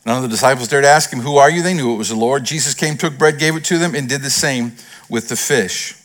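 A man's voice: mid-range voice, quick pace. Earnest man preaching a sermon. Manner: earnest, animated preaching with rising emphasis and hushed retellings. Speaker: pastor.

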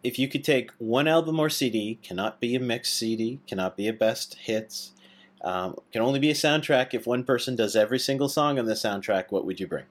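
A man co-hosting a podcast, asking questions in a relaxed, teasing way. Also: medium pitch, brisk. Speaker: podcast co-host. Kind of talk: casual chat.

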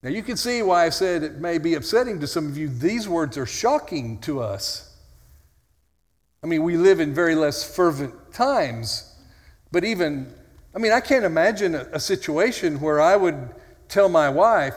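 A man's voice: fairly high pitch, animated, moderate pace. A male pastor preaching an earnest, conversational sermon with dry, self-mocking humor. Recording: long hall reverb.

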